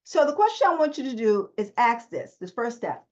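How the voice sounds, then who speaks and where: A woman's voice: fairly high pitch, big pitch swings, a little fast, few pauses. A woman therapist giving a motivational self-help talk, emphatic and repeating her key phrases. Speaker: therapist coaching viewers. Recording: dull lo-fi audio.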